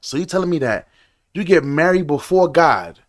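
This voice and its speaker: A man's voice: on the high side, animated, moderate pace. A young man hosting a reaction video, ranting casually and swearing often.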